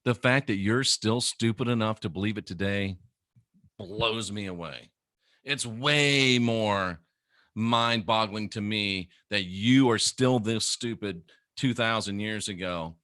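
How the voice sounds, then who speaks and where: A man's voice: lowish voice, slow, a bit bright, no room sound, studio quality. A middle-aged man, a former minister, delivering a sarcastic, scornful ranting monologue to camera. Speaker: former minister turned critic.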